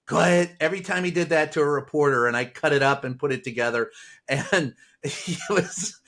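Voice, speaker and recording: A male journalist host chatting casually, telling lively anecdotes, laughing and swearing now and then. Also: fairly high pitch, a little fast. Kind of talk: casual conversation.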